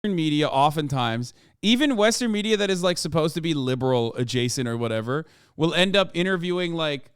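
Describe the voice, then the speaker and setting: A man's voice: a little high, expressive, fairly quick, hardly any pauses, clear, resonant tone, no room sound, clean studio sound. A man hosting a livestream, reacting with sarcastic, rambling commentary full of "like" fillers. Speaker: streamer host.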